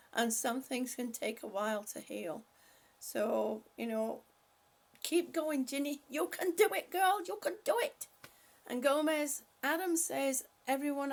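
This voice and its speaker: An older woman hosting a casual livestream, calling out gentle stretches and chatting with viewers as she reads their comments aloud. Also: a little high. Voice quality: breathy at times. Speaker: livestream host leading stretches. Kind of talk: casual livestream chat and exercise cues.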